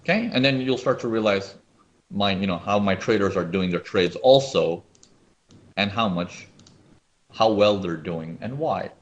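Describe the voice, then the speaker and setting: A man's voice: on the low side, unhurried, highs cut off. A man running a live webinar on trading, explaining charts and often checking whether viewers follow. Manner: animated, asks viewers often. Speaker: trading educator.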